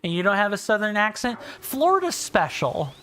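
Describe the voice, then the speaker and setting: A man's voice: high-pitched, sing-song, normal speed, bright, forceful tone. A man in his thirties with a British-sounding accent, hosting a casual game livestream and reading chat in a rambling, friendly way full of fillers and restarts. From South Carolina, US. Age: 30s. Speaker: livestream host.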